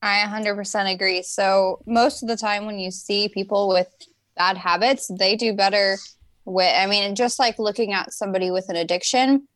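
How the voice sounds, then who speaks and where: A woman co-hosting a podcast, explaining habits and change in a measured way. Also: mid-range voice, steady tone, fairly bright tone, no room sound. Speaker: podcast co-host. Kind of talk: casual podcast chat.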